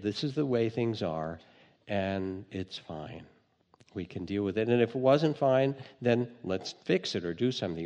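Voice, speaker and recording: Low, gravelly man giving a dharma talk. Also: big-room sound, lo-fi sound. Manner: gentle storytelling with light humor. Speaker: meditation teacher.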